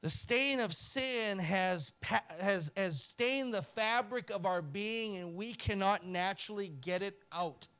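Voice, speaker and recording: A male pastor with a notably high voice delivers a church sermon. He swings between forceful, raised emphasis and hushed, almost whispered pleading, giving the preaching a dramatic push and pull. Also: a little slow, few pauses, clean tone. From Canada.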